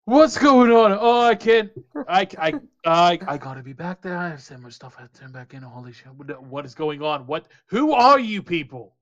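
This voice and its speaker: A man's voice: medium pitch, steady tone, fast, hardly any pauses, a bit bright, lightly acted. A man voicing an angry, foul-mouthed male goblin drug dealer who keeps calling people mate, heard on dull lo-fi audio. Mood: panicked. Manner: indignant, swearing, says 'mate'.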